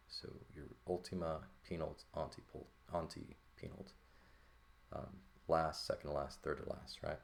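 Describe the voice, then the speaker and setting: A man with a very low, gravelly voice explains a language lesson at an easy pace. He thinks out loud and keeps checking in with the listener. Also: moderate pace. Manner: relaxed, thinking aloud with frequent "right?" checks. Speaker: Greek teacher. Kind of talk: casual lesson walkthrough.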